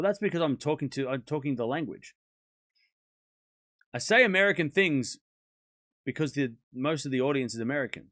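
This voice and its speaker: A man's voice: mid-range voice, a bit bright, dry recording, studio quality. A man with an Australian accent hosting a casual tennis watchalong live stream, reading viewer comments aloud and answering them in a laid-back, joking way. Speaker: livestream tennis watchalong host.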